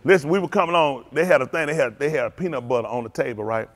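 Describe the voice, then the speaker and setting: A man's voice: medium pitch, quick pace. A man preaching as a pastor, talking loosely and teasing his congregation in slang. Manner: playful, teasing, drawling street slang. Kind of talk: loose joking sermon talk to a congregation.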